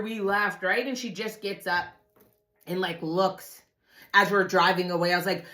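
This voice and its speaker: A woman telling a personal story to her viewers in casual talk, swearing often and swinging from low muttering to loud outbursts. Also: lively intonation, moderate pace.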